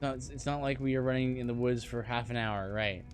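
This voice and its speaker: A man's voice: mid-range voice, brisk. A man narrates his own gameplay in loose, half-muttered remarks with self-deprecating asides. His voice sits in the middle range, with a faint hum in the background. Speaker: gaming streamer. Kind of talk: casual game commentary.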